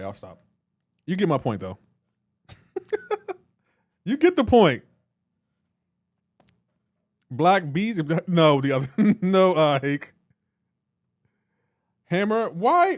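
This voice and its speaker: A man's voice: sits high, wildly swooping pitch, slow pace, pauses often, dry recording. A man on a live reaction stream, teasing and bantering with his chat and laughing often. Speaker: livestreamer.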